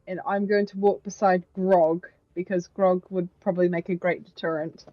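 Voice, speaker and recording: A woman's voice: lowish voice, steady tone, normal speed, dry recording, muffled recording, soft background music. A woman playing in a tabletop game, chatty and playful. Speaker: player. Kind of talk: casual chat.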